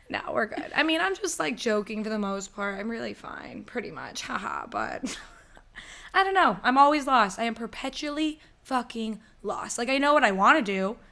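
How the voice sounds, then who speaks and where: A young woman from the northern United States co-hosts a casual podcast. She swears freely and keeps up a stream of self-mocking jokes. Her voice is bright and forceful. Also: on the high side, very animated, moderate pace, vocal fry. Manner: profane, self-mocking joking. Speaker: podcast co-host. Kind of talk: casual chat.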